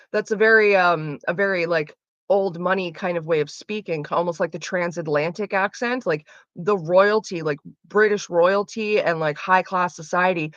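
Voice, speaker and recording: A woman's voice: fairly low pitch, fairly bright tone, no echo. Young woman, casual stream chat, rambling with fillers, dry close sound, slightly muffled lo-fi audio. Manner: rambling, many fillers and restarts, swears casually.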